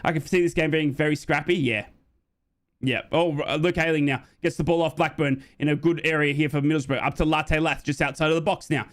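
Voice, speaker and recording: An Australian man in his young adult years calls a football match live, reading and answering viewer chat between plays. His voice sits a little high for a man, and it soars up and speeds along whenever an attack gets exciting. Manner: jumps high and fast when excited. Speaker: fan watchalong commentator.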